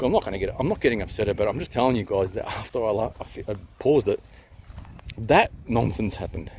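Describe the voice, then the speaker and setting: An Australian man vlogging outdoors on a handheld camera, ranting in a swearing, repetitive way. His pitch swings widely as he goes from loud to hushed. Faint outdoor noise sits behind him. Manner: agitated, swearing, repeats himself, jumps between loud and hushed. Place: outdoors near a town. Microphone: handheld camera at arm's length.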